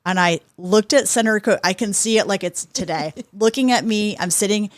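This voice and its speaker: A woman in her fifties, a guest on a podcast, telling lively anecdotes and acting out what people said. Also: medium pitch, fairly quick, no room sound, clean studio sound. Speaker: podcast guest, sports executive. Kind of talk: conversational interview storytelling.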